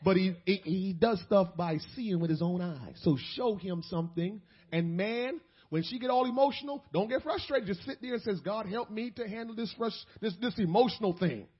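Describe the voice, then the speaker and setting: High-voiced preacher swinging to shouts. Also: male voice, normal speed, hardly any pauses, slightly rough, dull audio. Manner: swings from quiet asides to shouted, preachy peaks. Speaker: pastor. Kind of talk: sermon.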